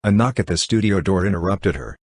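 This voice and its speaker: A man narrates an old novel in a deep, husky voice. His reading is even and measured, with the dialogue voiced only lightly. The recording is dry and close. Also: no room sound. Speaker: audiobook narrator. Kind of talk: scripted narration.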